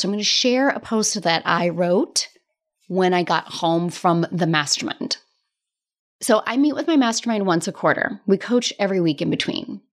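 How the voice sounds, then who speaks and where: A woman hosting a solo podcast as a business coach, talking in a chatty, candid way, laughing often and swearing now and then. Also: mid-range voice. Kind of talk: casual solo podcast monologue.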